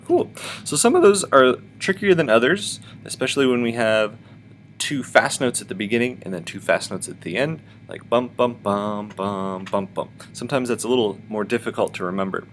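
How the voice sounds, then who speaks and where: A man's voice: medium pitch, animated, brisk, a bit bright, a little hiss or hum. A man teaching a virtual music lesson for children, patiently explaining and chanting rhythm syllables.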